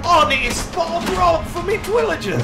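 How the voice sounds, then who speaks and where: A man putting on a loud mock-Cockney street tough. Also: very high-pitched, expressive, normal speed, gravelly, over loud music, voice pushed up, heavily acted. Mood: rowdy. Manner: loud, exaggerated, shouting. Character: rowdy old-timey London street tough, man.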